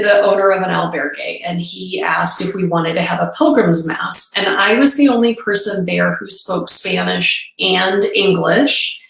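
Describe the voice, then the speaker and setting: A woman guest on a podcast, telling a personal story in an earnest, reflective way with halting restarts. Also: on the low side, gravelly, fairly bright tone. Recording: echoey room.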